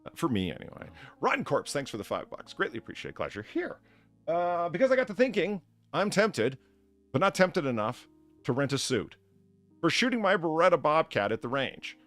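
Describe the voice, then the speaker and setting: A man hosting a casual live stream, chatting with guests and thanking viewers in a rambling, animated way. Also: on the high side, brisk, no echo, soft background music. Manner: rambling, animated, many restarts. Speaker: streamer host playing bartender.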